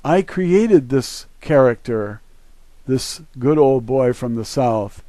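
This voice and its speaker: A man's voice: medium pitch, lively intonation, slow pace, dark tone, dry recording. A man from the northern United States giving an emphatic, opinionated monologue, urging his viewers on. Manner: emphatic, preachy, urging listeners. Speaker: online video host.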